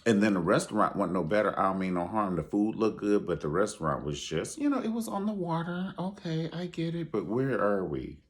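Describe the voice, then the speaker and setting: A man giving a sassy, profane reality TV review, acting out quotes in high voices. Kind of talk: animated casual commentary.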